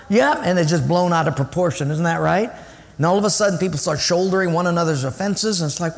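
A man's voice: moderate pace, vocal fry. A man preaching a sermon as pastor, storytelling and acting out the voices of people he quotes. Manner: animated, acts out quoted voices with big pitch jumps. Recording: long hall reverb.

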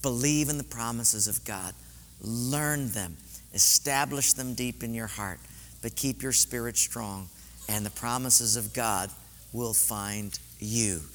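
A man's voice: mid-range voice, slow, fairly bright tone, slight background noise. A man preaching a sermon in a church sanctuary, telling stories in an earnest, heartfelt way. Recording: long hall reverb.

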